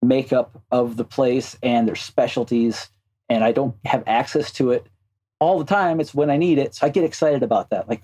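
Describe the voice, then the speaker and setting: Mellow-voiced man musing as a guest. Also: mid-range voice, low-quality recording. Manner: thoughtful, halting with restarts. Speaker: game animator guest. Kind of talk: casual interview chat.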